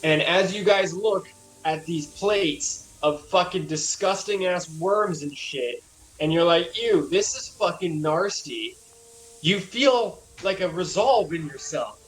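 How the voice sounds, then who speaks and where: A man's voice: high voice, slow pace, faint music behind, low-quality recording. A man running a tabletop game as game master, describing scenes in a loose, rambling way, full of fillers and swearing.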